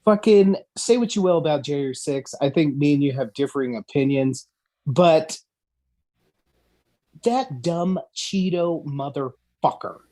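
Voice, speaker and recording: A man's voice: a little high, expressive, a little slow, warm tone. A man co-hosting a podcast who rants with heavy swearing in an exasperated comedic style. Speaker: podcast co-host. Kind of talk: profane comedic rant.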